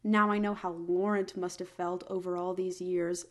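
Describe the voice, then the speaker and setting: A woman's voice: on the low side, level tone, normal speed. A young woman giving a comedic book review, talking in a wry, exasperated and dramatic way.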